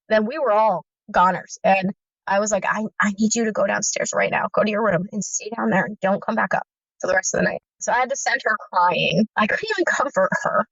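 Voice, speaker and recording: A woman's voice: medium pitch, a bit bright, no echo. A woman in her thirties telling her own story in an earnest, intense first-person account of fear, remembered in vivid detail. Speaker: guest sharing her story. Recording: dull, dry lo-fi audio.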